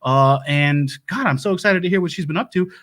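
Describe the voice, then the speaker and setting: A man's voice: a little high, fairly quick, fairly bright tone, close to an everyday voice. A man playing a folksy, easily flustered doomsday prep lecturer who hosts a comedy livestream, rambling and stammering as he reads viewer comments. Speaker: host of a comedy web show. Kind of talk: improvised comedy livestream character. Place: home setup, said to be a bunker.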